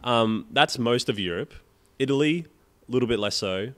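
A man's voice: mid-range voice, lively intonation, normal speed. A young man co-hosting a podcast, telling rant-filled stories in casual chat and swearing freely. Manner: swears a lot, ranting storyteller. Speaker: podcast co-host.

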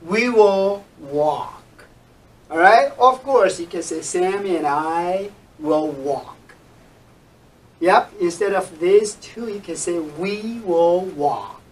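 Slow, high-voiced male English teacher. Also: expressive, recorded from a distance, a little hiss or hum, poor audio. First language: Chinese. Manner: slow, repeats example sentences carefully, switches between English and Chinese. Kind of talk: bilingual language lesson.

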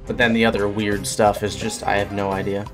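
A man's voice: fairly low pitch, level tone, a little fast, over music. A man, a fish biologist streamer, giving casual reaction commentary, blunt and swearing, bursting into surprised questions.

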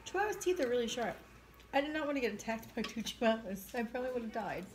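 A woman with a fairly high voice co-hosting a casual livestream. She giggles often and squeals her quoted lines high. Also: very animated, quick pace. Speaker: livestream co-host. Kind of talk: casual chat with viewers.

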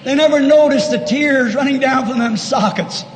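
A man preaching a fervent sermon, swinging from shouted lines to hushed asides in a large church. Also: very high voice, moderate pace. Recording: echoey 1960s church hall recording with faint noise.

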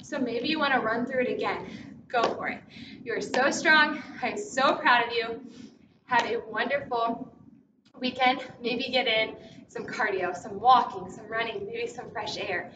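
A high-pitched woman coaching a workout class, full of upbeat cues and countdowns as she pushes through the moves herself. She sounds a bit out of breath. Her voice comes from across a big echoey gym, dull and muffled, with steady noise behind it. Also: measured pace. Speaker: fitness instructor. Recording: echoey, distant, dull, noisy.

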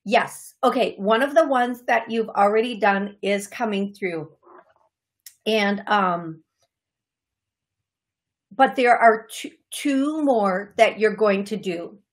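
A woman with a medium-pitched voice hosts a live call-in show as a psychic medium, speaking slowly with long pauses. She chats casually and greets viewers by name in short bursts full of fillers and restarts.

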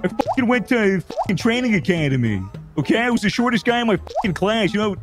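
A man's voice: high voice, lively intonation, quick pace, music in the background. A man from the United States role-playing a police officer in a game, blustering and swearing. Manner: blustering, profane cop bravado. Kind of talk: game role-play banter.

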